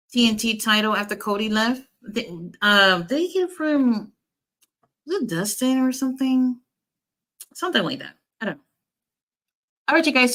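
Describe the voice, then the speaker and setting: Streamer woman, laid-back drawl, slow delivery, casual co-host energy. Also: medium pitch. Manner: relaxed, unhurried, teasing chat. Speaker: co-host of a wrestling watch-along stream. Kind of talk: casual chat, running a trivia game for chat.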